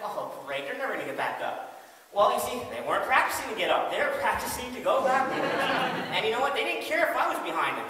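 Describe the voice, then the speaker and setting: A man telling a lively story about a bad day in a devotional talk, laughing and exasperated. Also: sits high. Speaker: ministry speaker. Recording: echoey distant room recording with faint hiss.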